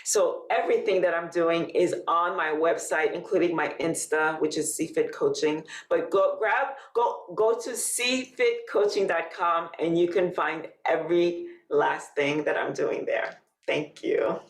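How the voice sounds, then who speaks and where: A woman's voice: fairly low pitch, a little slow, few pauses, roomy sound. A woman guest on a podcast, a fitness coach speaking in casual chat, laughing often and encouraging emphatically.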